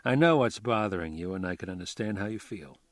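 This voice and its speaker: A man reading a calm, charming older crook. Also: on the low side, a little fast, no echo, studio quality, lightly acted. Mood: quiet charm. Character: calm, charming older male escaped bank robber. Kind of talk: audiobook dialogue.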